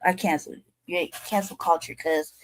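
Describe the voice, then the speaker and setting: A woman's voice: on the low side, fairly even intonation, brisk. A woman in her forties hosting a podcast, delivering a profane, repetitive rant in heated commentary. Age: 40s. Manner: profane, ranting, repetitive, emphatic. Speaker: show host.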